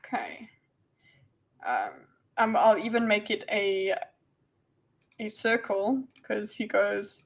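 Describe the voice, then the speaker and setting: A woman's voice: mid-range voice, sing-song, takes it slowly, gravelly, pauses often, low-quality recording. A woman with a South African accent, commenting on a debate during a live stream in a rambling, playful way with giggly asides.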